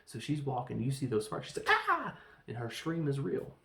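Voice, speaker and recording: A man reviewing a film in a casual, rambling way, telling the story with animated, acted-out quotes. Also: mid-range voice, a little fast, gravelly. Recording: echoey room.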